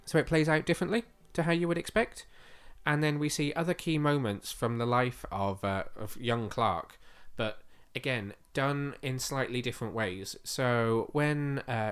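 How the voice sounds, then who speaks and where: A man's voice: medium pitch, fairly even intonation, a little slow, few pauses, clear, resonant tone. A man co-hosting a podcast, chatting eagerly with lots of fillers, his voice slightly going. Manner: chatty and enthusiastic, with frequent fillers. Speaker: podcast co-host. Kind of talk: casual podcast chat.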